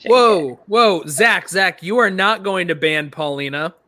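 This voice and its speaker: Bright joking man, higher voice. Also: measured pace, no echo. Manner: joking, reads chat messages aloud. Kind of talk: casual podcast chat.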